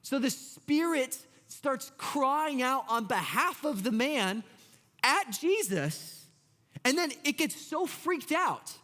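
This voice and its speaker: A man in his thirties, a pastor preaching a sermon in an excitable, conversational way and talking straight to the congregation. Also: very high voice, takes it slowly. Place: church sanctuary. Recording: long church hall reverb.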